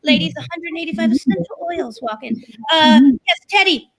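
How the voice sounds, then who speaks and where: A woman's voice: sits high, lively intonation, a little fast, fairly bright tone, poor audio. A woman hosting an online improv game over a video call, chatty and self-deprecating.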